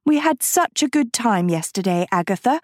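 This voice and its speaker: A woman's voice: a little high, expressive, normal speed, dry recording, studio quality, pitched above the performer's own voice. A woman reading an audiobook, voicing a vain, sugar-sweet teenage girl who coos and wheedles. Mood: coaxing. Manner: cooing, wheedling. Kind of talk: audiobook character voice.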